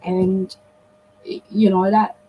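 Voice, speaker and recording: A woman's voice: mid-range voice, level tone, takes it slowly, highs cut off, slight background noise. A middle-aged woman, a guest on a live interview, telling a personal story in an earnest, reflective way. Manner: earnest, reflective, often acts out quoted dialogue.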